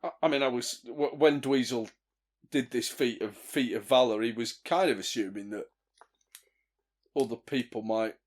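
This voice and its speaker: A man's voice: mid-range voice, moderate pace. A man describing his character's actions in a tabletop game, in a thoughtful, hesitant way. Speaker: player.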